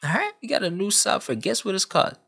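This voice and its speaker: A cocky young island hacker boasts in a shrill, squeaky voice far above a normal man's, heavy with street slang and rapid repeats. The pitch swings widely and a gravelly edge runs underneath. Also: big pitch swings, a bit bright, heavily acted. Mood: bragging.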